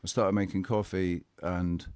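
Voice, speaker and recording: A man's voice: low voice, level tone, a little mellow, clear, resonant tone, dry recording. A man telling a personal story in casual chat, blunt and candid, swearing and often restarting his sentences. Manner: halting, with frequent restarts.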